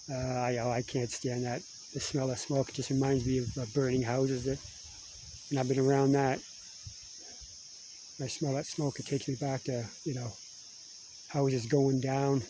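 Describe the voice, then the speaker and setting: A man's voice: mid-range voice, warm tone, a little hiss or hum, rough recording. A middle-aged man with a Canadian accent, from Kingston, Ontario, chatting casually and saying "eh" while walking through a wooded patch, filming on a handheld camera. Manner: chatty, laughs often, says "eh". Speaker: vlogger. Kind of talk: casual rambling vlog.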